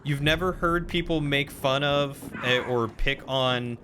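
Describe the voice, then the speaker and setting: Man, live game streamer, chatty commentary, mid pitch, noisy game sound behind. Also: a little slow. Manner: chatty, reacts to the game and answers chat.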